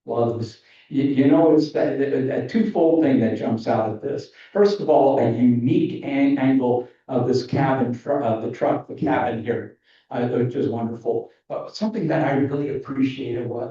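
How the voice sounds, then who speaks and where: A man's voice: mid-range voice, dark tone. A man judging entries in a photography competition over a video call, explaining with enthusiasm and frequent restarts. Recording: echoey, distant, muffled video call audio.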